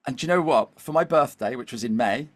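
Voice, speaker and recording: He talks fast, this middle-aged man with a mid-range voice, spinning an animated story as a guest on a podcast. Along the way he repeatedly asks his listener "okay?" and "all right?"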